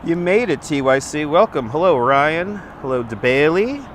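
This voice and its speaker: Walking along a city street with his phone on a gimbal, a male livestream host greets viewers by name in a chatty, upbeat way. His voice sits on the high side and is very animated at a moderate pace, with a slightly stuffy nose that may make it crack. Faint street and traffic noise is audible.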